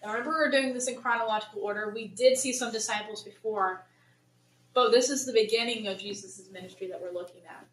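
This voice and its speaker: A woman's voice: on the high side, quick pace, slight background noise. A woman leading a casual Bible study for a church group, chatty and acting out the people in the story. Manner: chatty, paraphrases in lively voices. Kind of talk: casual Bible teaching to a congregation. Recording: roomy church hall, mic at a distance.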